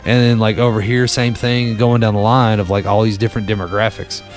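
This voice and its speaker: A man's voice: on the low side, level tone, fairly quick, faint music behind. A young adult man co-hosting a podcast, telling stories in a rambling, irreverent way with lots of fillers. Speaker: podcast co-host. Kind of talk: casual storytelling chat.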